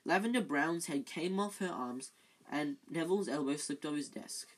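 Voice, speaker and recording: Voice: medium pitch, expressive, moderate pace, low-quality recording. A reader narrating a children's novel, stumbling over words and correcting themselves. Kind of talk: amateur audiobook reading.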